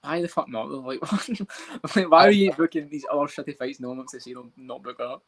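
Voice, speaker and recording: A man co-hosting a casual podcast chat about fights, talking fast, swearing and laughing a lot. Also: a little high, fairly bright tone. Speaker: podcast co-host.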